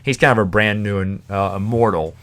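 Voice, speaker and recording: A man's voice: fairly low pitch, fairly quick, a bit bright. A man hosting a podcast, casually reviewing a novel in a rambling, chatty way with fillers and the odd chuckle. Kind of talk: casual spoken book review.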